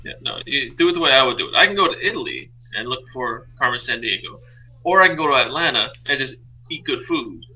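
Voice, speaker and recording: Fast deadpan man, sharp bright voice. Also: mid-range voice, rough recording. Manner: deadpan, monotone, dry humor. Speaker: podcast co-host. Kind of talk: casual gaming podcast chat.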